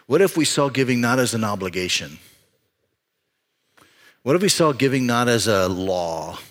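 A man preaching a sermon as pastor, telling a personal story in an animated way with frequent restarts. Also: mid-range voice.

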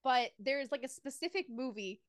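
Excitable chatty young woman, smooth dry voice. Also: high-pitched, moderate pace, no room sound. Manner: rambling, excitable, lots of fillers. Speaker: book club podcast co-host. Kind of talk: casual chat, reading book passages aloud.

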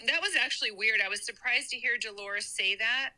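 A woman with a very bright, sharp voice chats casually on a podcast, her comments blunt and exasperated. She talks over a video call. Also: on the high side, normal speed, poor audio. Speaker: podcast co-host. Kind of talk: casual chat about reality TV.

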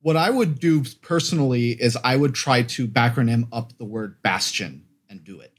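Male co-host, mid-pitched, rambling recap with plenty of hedging. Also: normal speed. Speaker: podcast co-host. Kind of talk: casual gaming chat.

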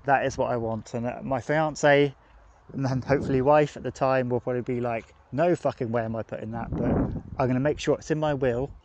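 A man's voice: medium pitch, steady tone, brisk, a little mellow, low-quality recording. A man hosting a podcast, talking casually and reflectively into his phone while walking outdoors, with restarts and asides. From England, grew up in Devon. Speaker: podcast host. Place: outdoors, walking past streets and a cemetery. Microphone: phone held while walking. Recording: phone recording outdoors with clear traffic noise. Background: passing cars and urban street noise.

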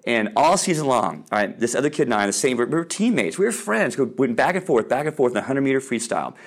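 A man's voice: medium pitch, fast talker. A man giving an informal Christian talk to parents, telling stories with many ums and restarts and acting out the voices he quotes. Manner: animated storyteller, acts out quoted voices loudly; casual with frequent ums and restarts. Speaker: speaker on Christian sports parenting.

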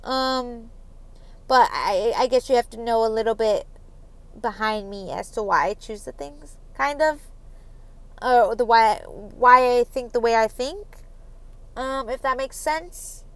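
Solo podcast host, young woman, high-ish clear voice, talks in loose rambles and laughs nervously, recorded dry and close. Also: a little slow, no echo. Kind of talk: casual solo podcast confession.

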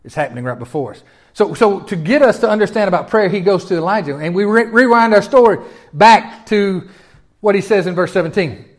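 A man preaching a sermon in a folksy, animated way, often asking his listeners questions. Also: high-pitched, fairly quick. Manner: folksy and animated, with repeated restarts and audience questions. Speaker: pastor.

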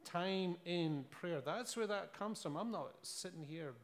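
A man's voice: sits high, measured pace. A man with a Scottish accent preaching a sermon, telling stories earnestly and asking rhetorical questions.

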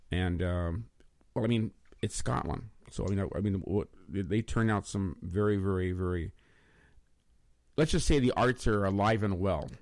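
A man's voice: low-pitched, a little mellow, no room sound. A man hosting a casual talk show, rambling with many restarts and repeated words as he chats and introduces a guest. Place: studio in Los Angeles.

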